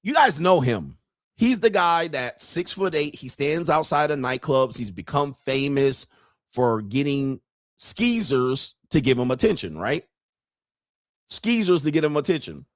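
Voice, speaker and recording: A man hosting a commentary channel, telling jokey stories in a loud, profane, animated way. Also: a little high, unhurried, no room sound, studio quality. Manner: profane, joking, animated storytelling. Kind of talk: casual commentary.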